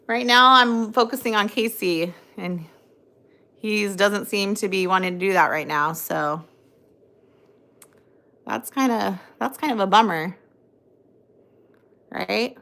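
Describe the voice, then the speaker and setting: A woman's voice: mid-range voice, takes it slowly, gravelly, long pauses, sharp tone. A young adult woman hosting a casual phone livestream, rambling, reading out viewer comments and cooing at her dog. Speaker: livestream host.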